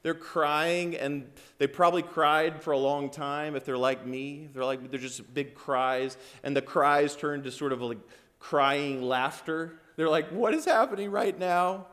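A man preaching a sermon, retelling the story as if he were there, swinging from loud passion to hushed awe. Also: on the high side, level tone, measured pace. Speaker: pastor.

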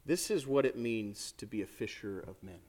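A man preaching a sermon as a priest, talking to the congregation in a lively, conversational way with many asides. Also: lowish voice, normal speed.

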